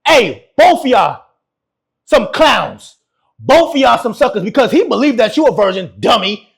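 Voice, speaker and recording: A man's voice: very high voice, very animated, moderate pace, vocal fry, breathy edge. A man giving brash, mocking reaction commentary. He laughs often and keeps repeating his insults. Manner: laughs often while talking. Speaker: YouTube relationship commentator.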